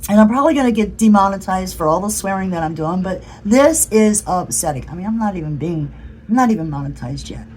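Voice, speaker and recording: A woman's voice: mid-range voice, lively intonation, quick pace, few pauses, a little mellow, a little hiss or hum, poor audio. A woman from the United States talking in an impassioned political vlog, blunt and earnest, swearing freely. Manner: earnest, pleading. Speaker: political vlogger.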